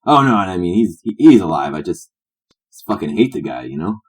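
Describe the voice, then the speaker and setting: A man voicing a drunk, brash male tennis star who talks loud and slangy. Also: low-pitched, sing-song, brisk, breathy edge, full character voice. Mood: gruff.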